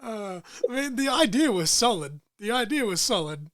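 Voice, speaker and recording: A man's voice: high voice, big pitch swings, moderate pace, a bit bright, dry recording, clean studio sound. A man hosting a podcast, chatting casually and laughing along with his guest. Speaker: podcast host. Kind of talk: casual chat.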